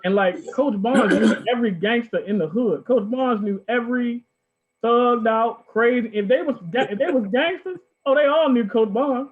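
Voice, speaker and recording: A man's voice: extremely high pitch, normal speed. A man from Baltimore hosting a casual talk, telling stories with animation and acting out the people in them. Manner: animated, acts out quoted people. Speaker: host. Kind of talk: casual storytelling. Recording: tinny phone-like line.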